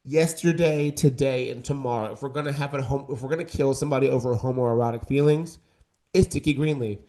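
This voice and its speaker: A man co-hosts a casual podcast debate at a mid pitch. He is campy and emphatic, stressing his points with repeated punchlines. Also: brisk, warm tone. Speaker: co-host.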